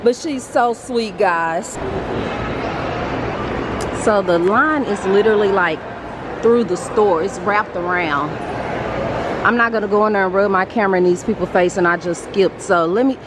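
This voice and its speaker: A woman vlogging casually, chatty and excitable, talking straight to her viewers while out at a mall. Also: mid-range voice, normal speed, long pauses, background noise. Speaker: beauty vlogger. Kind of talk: casual vlog chat to camera. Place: out and about in a mall and car.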